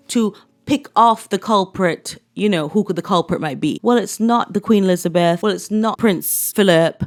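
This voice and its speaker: A woman giving blunt, sarcastic opinion commentary in a casual chat style. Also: fairly low pitch. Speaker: commentary vlogger.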